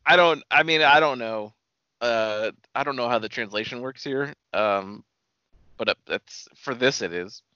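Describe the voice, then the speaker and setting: A man's voice: mid-range voice, unhurried, bright, forceful tone, smooth, dry recording, lo-fi sound. A man co-hosting a casual podcast, laid-back and profane, reading out episode titles and stumbling over the pronunciation. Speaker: podcast co-host.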